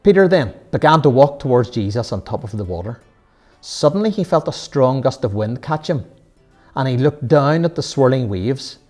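A man's voice: medium pitch, lively intonation, moderate pace, darkish tone, soft background music. A man leading a children's Sunday school Bible lesson, earnest and full of rhetorical questions.

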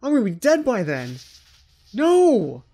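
A man's voice: very high-pitched, huge pitch swings, measured pace, dark tone, slight background noise. A man hosting a let's play, giving jittery, frightened commentary on a horror game and talking to himself.

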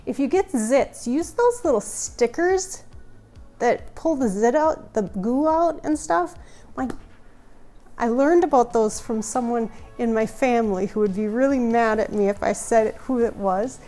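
A woman hosts a relaxed houseplant tour from home, talking at a slow, easy pace. Her delivery is chatty and goofy, drifting from one thought to the next. Faint music plays quietly in the background. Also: a little high. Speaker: houseplant channel host. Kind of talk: casual houseplant tour vlog.

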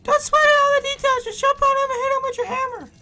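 A man voicing a feisty young female goomba in a video game, talking in a shrill, sassy, bossy way. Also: fairly even intonation, quick pace, sharp tone, faint music behind, heavily acted.

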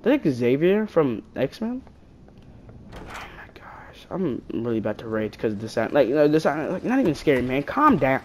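A woman's voice: a bass voice, fairly quick, hardly any pauses, a little hiss or hum. A woman giving casual horror-game commentary, jumpy and slangy, yelping at scares and muttering banter to viewers. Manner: animated, jumpy, shrieks at scares then mutters. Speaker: gaming YouTuber.

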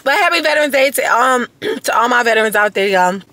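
A young adult woman vlogging casually to her viewers, emphatic and animated, coming down with a cold. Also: a little high, quick pace, no room sound. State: getting sick. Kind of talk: casual direct-to-camera vlog.

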